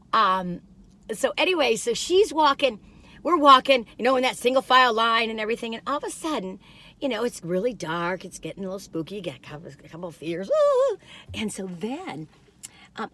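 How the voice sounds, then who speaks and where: A woman's voice: a little high, animated, brisk, sharp tone. A woman in her sixties, chatting in a bubbly, rambling way with many asides as she reviews food. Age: 60s. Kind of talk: casual chatty storytelling.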